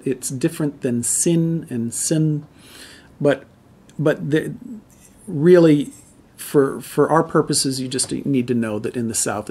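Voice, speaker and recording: A man teaching pronunciation, explaining sounds patiently and slowing down to repeat each example. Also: fairly high pitch, gravelly, a little mellow, slightly rough. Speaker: language teacher.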